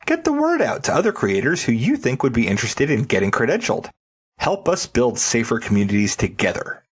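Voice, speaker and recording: A man's voice: medium pitch, breathy edge. A man in his thirties co-hosting a podcast, with a wry, dry sense of humor, chatting and reading announcements. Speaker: podcast co-host. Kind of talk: casual chat and read announcements.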